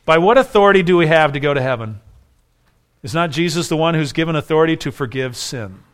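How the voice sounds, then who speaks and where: A man's voice: a little high, animated, fast talker, fairly bright tone, clear, resonant tone. A man preaching a sermon, asking rhetorical questions and building to emphatic peaks. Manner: voices the accusers with sharper, raised delivery. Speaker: pastor.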